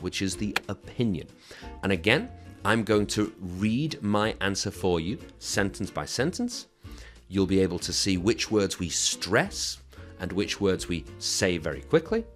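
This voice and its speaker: A man's voice: low-pitched, big pitch swings, a little slow, faint music behind. A man teaching English exam speaking skills, explaining a sample answer in an encouraging, instructive way and checking in with his listeners.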